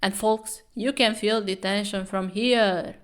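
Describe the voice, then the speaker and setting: A male fight announcer builds up a match in mock sports commentary, read out by a woman. He sounds hyped and theatrical, with a loud, rising delivery. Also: medium pitch, fairly even intonation, slow pace, lightly acted.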